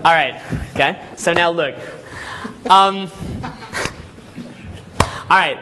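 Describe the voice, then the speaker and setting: A man giving a live seminar lecture to a room of people, energetic and full of rhetorical questions and "okay?" checks, acting out scenes as he tells them. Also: a little high, slow pace, noisy background. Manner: acts out scenes with vivid storytelling. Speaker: seminar speaker.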